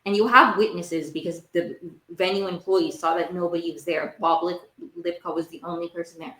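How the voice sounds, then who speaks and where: A woman's voice: on the low side, fairly even intonation, moderate pace, fairly bright tone. A young woman hosting a podcast, recapping TV shows in a casual, rambling monologue. She speaks emphatically, says "like" a lot and repeats her phrases. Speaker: podcast host. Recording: roomy echo.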